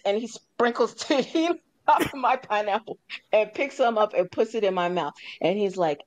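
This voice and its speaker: A woman with a mid-range voice hosts a radio talk show at a moderate pace in casual conversation. An animated storyteller, she acts out other people's lines and repeats her key points for emphasis.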